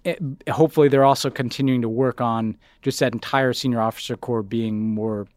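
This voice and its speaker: A man co-hosting a political podcast in casual chat, rambling, saying "like" a lot and trailing off quieter at the ends of his thoughts. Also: medium pitch, steady tone, brisk, dry recording, studio quality. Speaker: podcast co-host.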